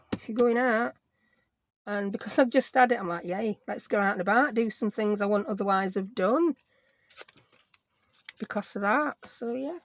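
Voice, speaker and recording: Yorkshire lady nattering away while she crafts, middle-aged, chatty, pokes fun at herself. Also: medium pitch. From Yorkshire, England. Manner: rambling, chatty, self-mocking. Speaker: crafting channel host. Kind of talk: casual chatty crafting vlog.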